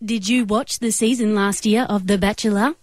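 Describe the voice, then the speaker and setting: A woman on a radio prank call, putting on a stiff, measured automated phone-system voice. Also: mid-range voice, fairly even intonation, dry recording, natural voice. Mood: prying. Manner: stiff, measured, robotic phone-menu delivery.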